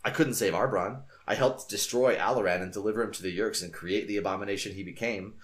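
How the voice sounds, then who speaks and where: A man's voice: on the low side, fast talker, natural voice. A man reading the part of a male alien exile living as a human, earnest and emotional. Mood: despairing.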